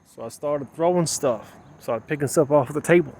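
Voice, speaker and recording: A man's voice: a little high, moderate pace, vocal fry, darkish tone, a little hiss or hum. A man talking to his camera in a rambling, emotional way, repeating himself as he questions his own feelings, outdoors. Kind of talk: personal vlog monologue.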